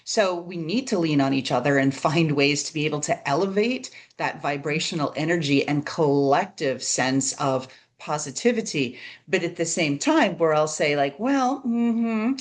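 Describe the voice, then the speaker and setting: A woman's voice: low voice, moderate pace, few pauses. A woman hosting a podcast, talking in a conversational, reflective way and often tagging her points with "right?". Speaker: podcast host. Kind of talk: casual interview chat.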